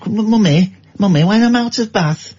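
A man's voice: high voice, normal speed, darkish tone, breathy edge, muffled recording, voice pushed up. A man putting on the voice of a poor nine-year-old mill child, begging his mam over and over. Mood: whiny pleading. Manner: whiny, repetitive begging.

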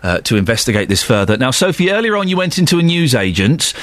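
A man hosting a radio talk show, excitable and goading, stumbling over his words. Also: medium pitch, fast. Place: radio studio. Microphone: studio microphone.

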